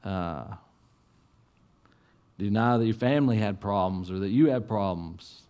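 A man preaching a sermon in a church, earnest, dropping to soft low asides and rising to urgent appeals. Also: a little slow. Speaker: pastor.

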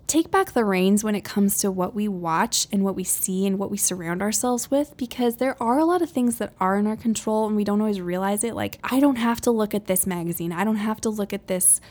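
A woman's voice: medium pitch, a little fast, few pauses, a little mellow. Woman podcast host, 30s, friendly conversational monologue, easy laughs, mid-range voice. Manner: chatty and upbeat, laughing often at herself. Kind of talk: casual faith-based podcast monologue.

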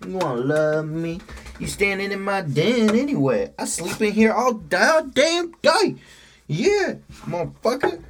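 A woman's voice: medium pitch, sing-song, measured pace, noisy background, pitched above the performer's own voice. A man voicing his female pet dog as a sassy, territorial scold who curses at him. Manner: profane, scolding, bossy.

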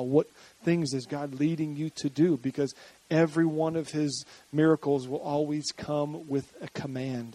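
A man's voice: a little high, darkish tone, no room sound. A man preaching a sermon as pastor to a congregation, building energy and joking with the crowd.

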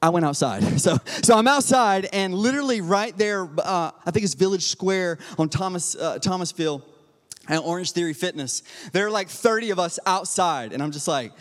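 A male pastor preaching a sermon with personal stories, energetic and humorous, moving between quiet asides and loud exhortation. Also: sits high, normal speed. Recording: long hall reverb.

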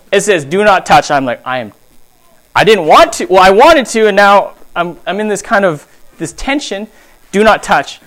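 A man with a high-sitting voice preaches a sermon, telling stories in an animated way. He swings between loud emphasis and hushed asides.

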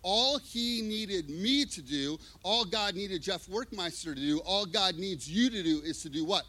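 A man preaching a sermon, telling a personal story with lively, expressive delivery. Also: high-pitched, measured pace. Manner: expressive storytelling, acting out scenes. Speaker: pastor.

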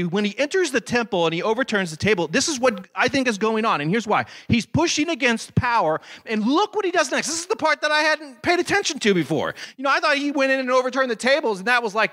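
A man preaching a sermon in an animated, conversational way, with dramatic scripture readings. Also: extremely high pitch. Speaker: pastor.

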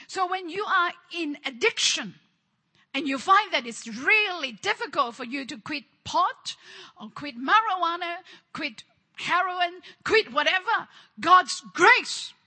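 A woman's voice: very high voice, big pitch swings, unhurried, sharp tone. A woman preaching a charismatic sermon, fervent and repetitive, calling on her listeners to respond.

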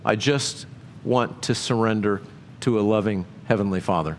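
A pastor delivers a conversational sermon, firing off rhetorical questions to his listeners and often jumping up in pitch for emphasis. He speaks at normal speed, with slight background noise.

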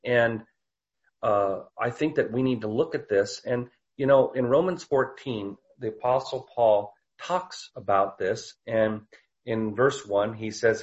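A man who is a preacher and author, telling stories in a casual teaching talk, often halting and restarting his sentences. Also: medium pitch, dull audio. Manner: storytelling, halting with many restarts. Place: Portland area.

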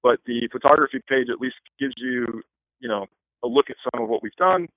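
A man talks quickly and keeps restarting his sentences as he gives photography advice in an interview. His voice comes through a thin, tinny phone line. The sound is dry, with no room in it. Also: mid-range voice, no room sound. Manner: fast, rambling with many restarts. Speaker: wedding photographer. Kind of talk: interview answers.

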